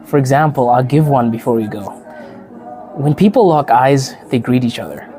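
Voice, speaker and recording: An African man who hosts a podcast and also teaches speaks in a warm, expressive, mid-range voice at a moderate pace, with soft music in the background. He chats casually to the camera, laughs often, and acts out the people he quotes.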